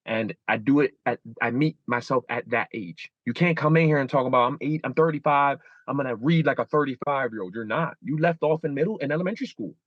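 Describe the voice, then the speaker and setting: Talking at a quick pace and barely pausing, a man in his thirties acts out his inner dialogue with changing pitch while being interviewed candidly as a guest. There's no echo, and the highs are cut off.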